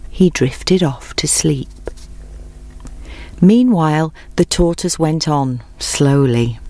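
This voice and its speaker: A woman's voice: low-pitched, a little mellow, dry recording. Woman narrating a storybook, dry and close.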